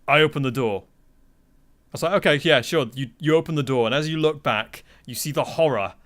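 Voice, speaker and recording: A man's voice: mid-range voice, moderate pace. A man on a podcast as a guest, telling game-master anecdotes in casual chat, acting out quotes and swearing freely.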